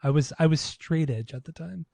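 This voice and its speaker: A man co-hosting a casual podcast chat, relaxed and rambling with lots of fillers. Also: a little high, normal speed, gravelly, no echo. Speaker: podcast co-host.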